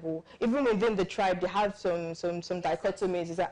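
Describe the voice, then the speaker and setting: A woman's voice: fairly low pitch, steady tone, fast, few pauses, darkish tone, poor audio. A Nigerian woman hosting a casual morning panel chat, leading topics and asking questions. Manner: leads the topics, asks questions. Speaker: talk show host.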